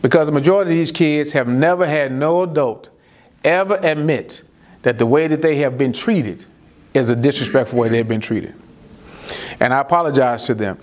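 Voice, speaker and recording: Animated man speaking to a crowd. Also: on the high side. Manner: animated storyteller who acts out his own dialogue. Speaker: juvenile court judge. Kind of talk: speaking to a community audience.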